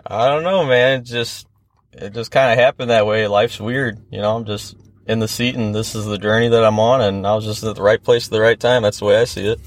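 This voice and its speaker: A man's voice: on the low side, fairly even intonation, brisk. A young man from the Midwest, a skateboarder and guest, telling stories in a laid-back, rambling way and swearing freely. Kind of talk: casual podcast storytelling.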